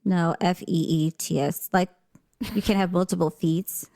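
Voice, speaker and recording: A woman's voice: on the low side, a little slow, gravelly, dry recording, clean studio sound. A woman in her forties co-hosting a podcast, telling stories in a casual chat and acting out the people she quotes. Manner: animated storytelling, acting out quoted voices. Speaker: podcast co-host.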